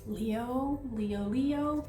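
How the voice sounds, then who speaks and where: A woman giving an excitable, gushing tarot reading, talking straight to her viewers. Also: on the high side, very slow, roomy sound, over music. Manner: excitable, gushing, breathless asides. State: out of breath. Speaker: tarot reader.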